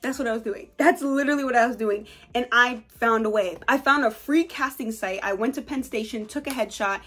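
Bubbly high-voiced young woman vlogger. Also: a little fast, faint music behind. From New York, USA. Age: 20s. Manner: bubbly, excitable, breaks into laughs and squeals. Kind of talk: casual chat to camera.

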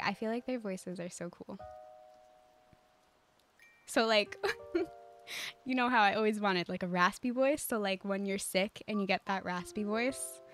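A woman streaming a life-sim game, chatting casually with viewers in a calm, cozy way, giggling often and using lots of fillers. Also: medium pitch. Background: faint game music.

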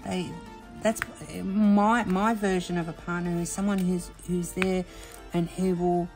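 A woman's voice: on the low side, little pitch movement, unhurried, a little mellow, faint music behind. A woman chatting casually while she does diamond painting, rambling with many fillers and restarts, and sounding emotional and worn out. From Australia. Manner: emotional, admits exhaustion. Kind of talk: casual chat while crafting. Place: home craft room.

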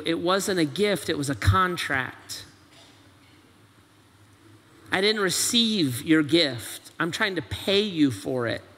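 High, bright-voiced preaching man. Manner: preaching with rhetorical questions and quoted voices, animated. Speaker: pastor. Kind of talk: sermon. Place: church auditorium. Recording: long church hall reverb.

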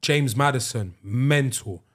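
A young man hosting a podcast, ribbing his guest with quick, playful comebacks. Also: medium pitch, a bit bright. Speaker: podcast host. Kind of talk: casual podcast chat.

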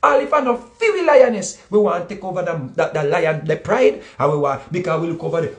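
A Jamaican man spins a story in casual chat, his voice swinging up and down in lively leaps. His tone is gravelly. He repeats his words and acts out the people he quotes. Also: fairly high pitch, a little fast, few pauses. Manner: animated, repetitive, acts out quotes. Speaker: guest speaker.

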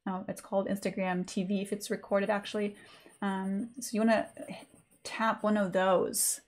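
A woman's voice: medium pitch, level tone, moderate pace. A woman teaching a live online sketching lesson in a chatty, informal way with many fillers. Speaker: art teacher.

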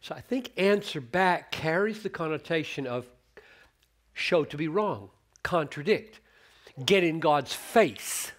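A middle-aged man preaching a sermon, teaching on scripture in an earnest, animated way and quoting verses with changing emphasis. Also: on the high side, slow.

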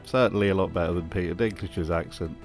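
A man's voice: low-pitched, quick pace, music in the background. Sardonic male commentary host. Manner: sardonic, mocking. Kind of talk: comedic review commentary.

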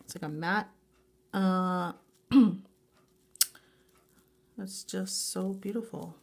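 An excited woman unboxes nail polish supplies on camera, letting out one breathless exclamation after another. She talks slowly and draws out her words as she repeats her praise. Her voice sits at an ordinary middle pitch. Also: gravelly. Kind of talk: unboxing a grab bag, excited casual chat.

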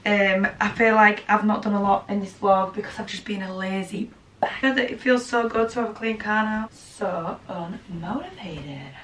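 A young vlogger sits in her bedroom talking casually and frankly to camera, complaining at times and occasionally sinking into a murmur. She speaks at a moderate pace in a mid-range, slightly bright voice, with some background noise.

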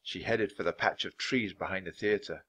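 A man reading a children's book aloud, clear, steady and expressive. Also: low voice, moderate pace. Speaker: story reader.

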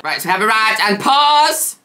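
A woman's voice: very animated, normal speed, sharp tone, faint music behind. Camp, swooping woman gaming host. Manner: theatrical and camp, with playful catchphrases; swoops between high squeals and low drawls. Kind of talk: casual gameplay commentary.

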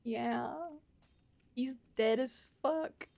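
A woman's voice: fairly high pitch, drawn-out words, vocal fry, a little mellow. A woman streamer giving casual gameplay commentary with dramatic mock grief, playful and swearing.

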